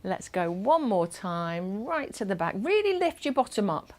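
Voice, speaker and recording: A woman instructor leading a gentle chair exercise class over a video call, encouraging and instructive. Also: mid-range voice, big pitch swings, unhurried.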